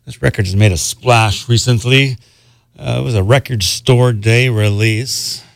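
A man's voice: medium pitch, a little slow, vocal fry, dry recording. Laid-back male radio DJ, dry studio sound. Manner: relaxed, rambling, many "uh" fillers. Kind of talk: casual radio back-announcing. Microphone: studio microphone.

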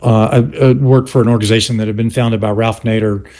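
A man's voice: fairly low pitch, steady tone, quick pace, mellow. An older man from South Carolina with a Southern US accent, a history teacher explaining his argument in an interview with restarts and pointed asides.

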